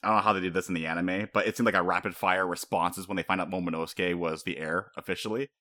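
A man co-hosting a casual podcast, talking fast and animated, laughing often and breaking into high-pitched impressions. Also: no room sound, studio quality. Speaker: podcast co-host. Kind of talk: casual chat.

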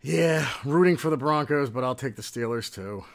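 A man co-hosting a sports podcast, talking in casual chat and going off on animated rants. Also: mid-range voice, moderate pace, gravelly. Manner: ranting, animated complaints. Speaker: podcast co-host.

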